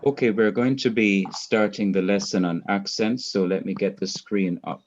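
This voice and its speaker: A man with a Jamaican accent teaching a class, going through his points slowly and one by one. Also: on the low side, steady tone, dull audio. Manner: slow, methodical, lists points one by one. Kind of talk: recorded class lecture.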